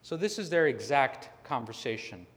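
A man preaching a sermon, telling a story earnestly with slow, emphatic stresses. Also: medium pitch, big pitch swings, fairly bright tone, long reverb tail. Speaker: pastor.

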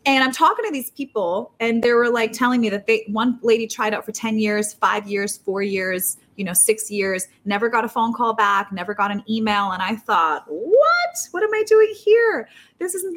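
A woman guest telling a story in a casual, animated way, jumping up in pitch when she acts out quotes and talking fast with many restarts. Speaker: poker player.

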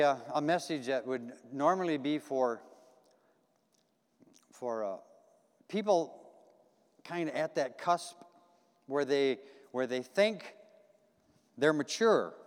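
Here a man with a fairly high, slightly mellow voice delivers a conversational sermon in a church sanctuary. He's folksy and repetitive and keeps asking the congregation questions, all captured with long hall reverb.

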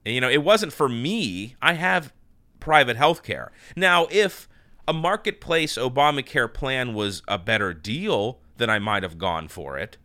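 A man's voice: mid-range voice, expressive, unhurried, bright, forceful tone, no room sound. A male podcast host chatting casually, telling a long anecdote with restarts and quoted exchanges. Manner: rambling storyteller with many restarts and quoted dialogue. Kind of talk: casual chat.

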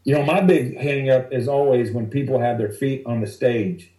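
A male stand-up comedian telling rambling, animated stories from the road in a casual interview. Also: mid-range voice, normal speed, echoey room, rough recording. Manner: animated, rambling anecdotes that act out other people's lines.

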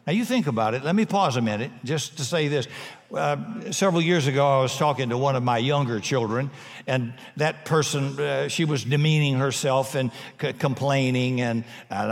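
A man's voice: mid-range voice, moderate pace. Preaching man in a reverberant church hall. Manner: emphatic preaching with humorous asides. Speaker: pastor. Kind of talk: sermon.

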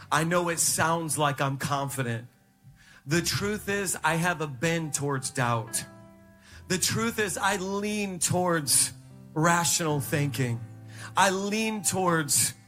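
A pastor preaches from a large church stage with fervent, rising passion, then sinks into a hush at times. His voice sits high and rings bright. Soft worship music plays faintly under him. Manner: impassioned preaching, drops to a hush when quoting God. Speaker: lead pastor. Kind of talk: sermon.

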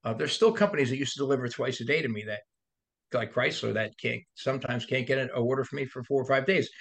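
A man's voice: mid-range voice, fast talker, creaky. A man, a body shop owner on a podcast, telling rambling stories in casual chat, laughing, swearing and acting out the voices of people in them. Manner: animated, profane, laughs through stories, acts out voices.

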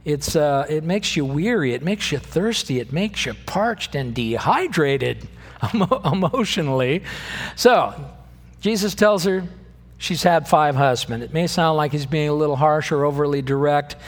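A man's voice: a little high, measured pace, long reverb tail. A man preaching a sermon as pastor, talking conversationally and acting out the quoted lines. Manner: conversational, acts out quoted lines with lively shifts.

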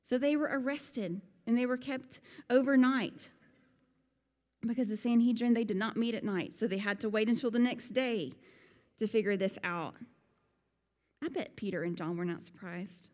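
A woman giving a Bible lesson, animated and fond of rhetorical questions. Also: a little high, normal speed, big-room sound. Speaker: Bible teacher. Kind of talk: sermon-style Bible lesson.

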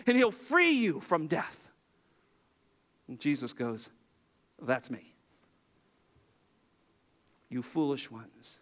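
A man preaching a sermon as a pastor, animated, acting out the lines he quotes. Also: high voice.

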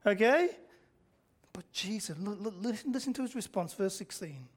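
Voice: mid-range voice, animated, normal speed. Pastor, chatty sermon style, fires rhetorical questions, chuckles through lines. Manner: conversational, quizzes the congregation, frequent rhetorical questions; chuckles often mid-sentence. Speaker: preacher.

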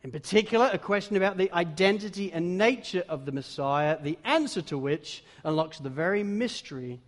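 Guy preaching, highish voice, goes loud then hushed, big hall echo. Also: lively intonation, a little fast, hardly any pauses. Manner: dramatic, swings from loud exclamations to hushed emphasis. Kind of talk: sermon. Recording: long hall reverb.

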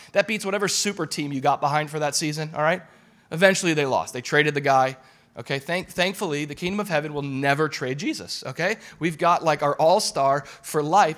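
Animated preaching man, slightly high voice. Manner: animated preaching, repeats phrases for emphasis, casual asides. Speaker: pastor. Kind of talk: sermon.

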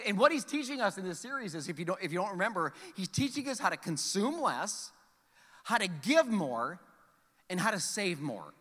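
A man in his forties preaching a sermon to his congregation, animated and joking, acting out the voices in his stories. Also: sits high, moderate pace. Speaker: pastor. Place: church sanctuary. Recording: long hall reverb from church sanctuary.

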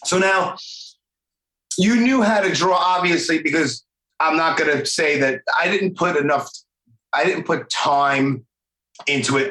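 A man's voice: a little high, sharp tone, roomy sound, poor audio. A middle-aged man with a New York accent, hosting a podcast in loose, rambling chat over a video call. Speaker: podcast host. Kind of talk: casual interview chat.

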